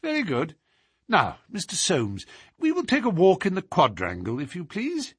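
A man voicing a calm, commanding detective. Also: high-pitched, breathy edge, dry recording, studio quality, voice pushed up, exaggerated voice. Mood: brisk. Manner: measured, commanding. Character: calm, incisive male detective, middle-aged.

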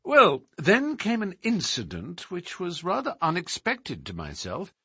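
A man reading a story aloud in the first person, speaking as a shrewd male detective who recounts a case in a measured, precise way. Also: high-pitched, husky, no room sound, studio quality, voice pushed up, exaggerated voice. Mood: recounting. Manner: measured, precise, lively emphasis. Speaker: audiobook reader.

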